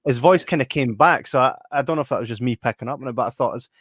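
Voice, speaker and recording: Excitable laughing man, dry close sound. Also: mid-range voice, very fast, husky, no echo. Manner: animated, laughs often, excitable retelling. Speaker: podcast co-host. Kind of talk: casual interview chat.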